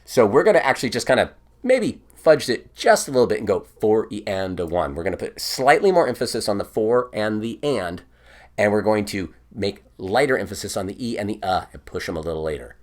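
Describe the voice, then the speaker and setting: Low-voiced man teaching bagpipe counting. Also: expressive, brisk. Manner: patient, explains step by step, sings counts aloud. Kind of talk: online music lesson.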